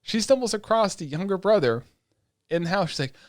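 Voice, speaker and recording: A man's voice: high-pitched, fairly quick, dry recording, studio quality. Loose, profane man recapping anime. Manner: loose, profane retelling with lots of fillers; animated storytelling that acts out quoted lines. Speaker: podcast co-host. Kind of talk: casual chat.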